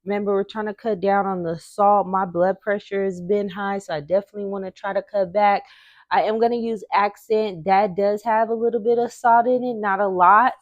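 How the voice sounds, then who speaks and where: A woman's voice: mid-range voice, steady tone, brisk, no echo, muffled recording. A woman hosting her own home cooking show, talking viewers through a recipe in a chatty, encouraging way.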